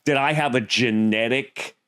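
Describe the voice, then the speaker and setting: A man co-hosting a comedy podcast, telling a personal story in a reflective, halting way. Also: medium pitch, fairly bright tone, clear, resonant tone, dry recording, clean studio sound. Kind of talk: casual podcast chat.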